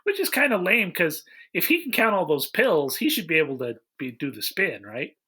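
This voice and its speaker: Male co-host, dry plot recapper with a bright, somewhat high voice. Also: moderate pace, slightly rough. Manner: wry, deadpan plot recaps. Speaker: podcast co-host. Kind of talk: casual movie-roasting chat.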